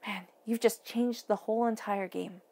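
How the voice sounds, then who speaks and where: Gravelly, husky woman reading tarot. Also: medium pitch, fairly even intonation, moderate pace. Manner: emphatic, encouraging, often drops to a soft near-whisper. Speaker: tarot reader.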